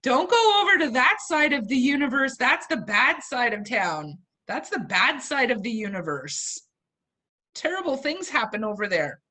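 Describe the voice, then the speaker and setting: A woman's voice: high voice, big pitch swings, normal speed, heavily acted. A woman playing a frantic alien mom hurrying her kids. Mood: panicky. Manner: bossy, panicky, yelling at kids. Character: frantic alien mother steering a UFO family.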